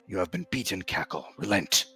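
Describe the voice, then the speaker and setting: Heroic dog monk, male, solemn and formal, low-voiced, played by a man running the game. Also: big pitch swings, moderate pace, bright, forceful tone, husky, soft background music, heavily acted. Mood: commanding. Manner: earnest, formal heroic speech.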